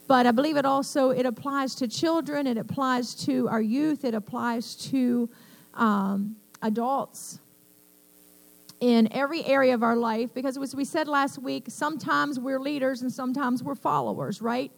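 An older woman pastor delivers a sermon with a high-pitched voice. She talks to the congregation with call-and-response asides and asks them for amens. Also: fairly even intonation, moderate pace, creaky, rough recording.

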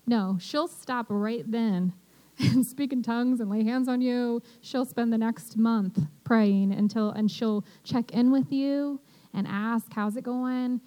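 A woman with a fairly high, dark-toned voice teaches about prayer in a casual, sermon-like way, and the audio quality is poor. She speaks earnestly and conversationally, often checking in with her listeners and sprinkling in "you know."

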